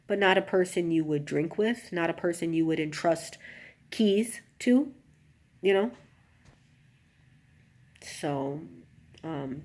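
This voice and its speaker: A woman's voice: sits low, a little hiss or hum. Woman emotionally oversharing to her viewers. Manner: emotional, rising to an anguished near-shout, then subdued; talks directly to viewers with many asides. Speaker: vlogger. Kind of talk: personal confessional vlog.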